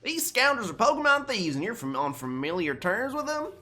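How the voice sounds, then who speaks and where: A man voicing a bold young country woman with a put-on Southern drawl, loud and folksy. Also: extremely high pitch, big pitch swings, a little fast, faint music behind, pitched above the performer's own voice, exaggerated voice.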